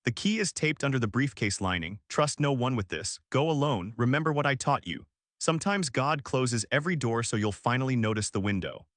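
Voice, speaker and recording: Brief: aging immigrant mentor read by a male narrator, plain clipped speech, dry mid-pitched voice. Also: animated, a little fast, fairly bright tone, no room sound, natural voice. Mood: earnest advice. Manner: clipped, broken phrasing. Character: old immigrant male mentor, firm and fatherly.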